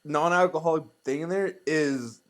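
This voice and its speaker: A young man co-hosting a podcast, relaxed and laughing along as he tells his own stories in casual chat. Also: a little high, moderate pace. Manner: laid-back, laughs along, quotes himself in stories. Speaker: podcast co-host.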